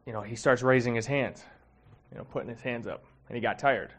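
A man's voice: mid-range voice, brisk. Conversational man preaching a sermon. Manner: conversational, emotional, many fillers. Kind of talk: casual sermon.

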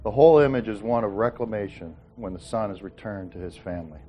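A man leads a relaxed Bible study, mixing scripture with jokes and folksy asides. He acts out the characters' lines with a lively, conversational delivery. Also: fairly low pitch, fast talker, lo-fi sound, soft background music. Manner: folksy, joking, acts out quotes. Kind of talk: informal Bible teaching.

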